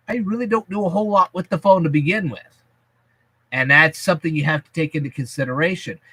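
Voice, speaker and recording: A man's voice: on the high side, pushed and bright, dry recording. A man hosting a casual vlog, explaining things to his viewers in a folksy, chatty, emphatic way. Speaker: YouTube channel host.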